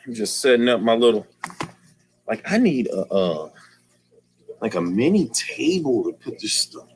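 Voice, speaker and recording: A man's voice: mid-range voice, very animated, unhurried, slight background noise. A man hosting a casual aquarium livestream, talking in slang and greeting viewers by name.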